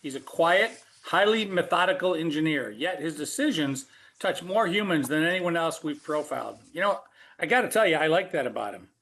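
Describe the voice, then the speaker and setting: Man, fairly high voice, podcast co-host, casual, thinks aloud, joking. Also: lively intonation, brisk, a bit bright.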